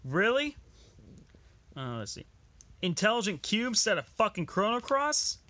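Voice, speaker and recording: A man's voice: high voice, very animated, moderate pace, bright, forceful tone. A young man ranting angrily about a list of video games, swearing constantly. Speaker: gaming vlogger.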